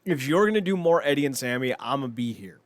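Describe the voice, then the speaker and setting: A young man co-hosting a casual podcast, with a voice of middling pitch. He rambles excitably, stumbles through fillers and breaks into laughter often. The sound is close and dry, with no room echo. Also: fast talker. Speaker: podcast co-host. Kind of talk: casual wrestling chat.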